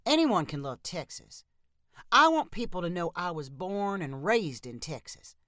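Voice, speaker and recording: A man's voice: sits high, very animated, unhurried, pushed and bright, dry recording, clean studio sound, exaggerated voice. A woman voicing an eager young man who loves Texas, chatty and enthusiastic in a storybook reading.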